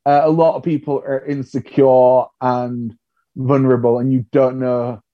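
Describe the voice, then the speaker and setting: A man's voice: medium pitch, normal speed, no echo, dull audio. A male comedian, telling stories candidly and with self-deprecating humour in a podcast interview. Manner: self-deprecating, animated storytelling. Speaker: comedian guest.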